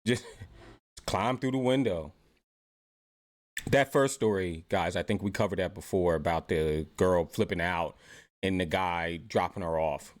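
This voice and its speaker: A British man hosts a reaction channel, offering opinionated commentary in a chatty way and tossing out rhetorical questions. His voice is low and unhurried, with long pauses.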